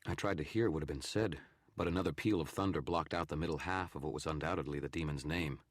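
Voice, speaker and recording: A man narrating a fantasy novel aloud in steady first person on a live stream. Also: rumbling low, fast talker, dry recording.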